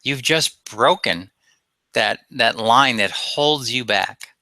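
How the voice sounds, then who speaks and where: Forceful, bright-toned male coach. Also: medium pitch, slow pace, vocal fry, no echo. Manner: emphatic, coaching with rhetorical questions. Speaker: self-help coach. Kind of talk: webinar presentation.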